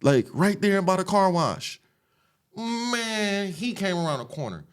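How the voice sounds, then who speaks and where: A man from the Los Angeles area, a podcast guest retelling his past in an animated, streetwise, profane way. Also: sits high, unhurried, smooth. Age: adult, after an 18-year sentence. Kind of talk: casual storytelling interview.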